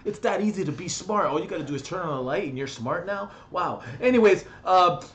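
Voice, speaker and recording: A man's voice: sits high, lively intonation, brisk, fairly bright tone. A young man ranting brashly in a comedic gaming vlog from his bedroom, crude and mocking, swearing constantly. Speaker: gaming vlogger.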